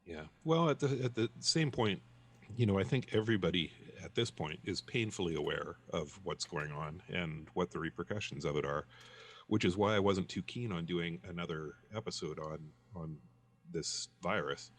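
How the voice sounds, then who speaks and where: A man co-hosting a podcast, chatting casually and telling a joke with halting pauses. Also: deep voice. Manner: halting, many fillers while storytelling. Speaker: podcast co-host.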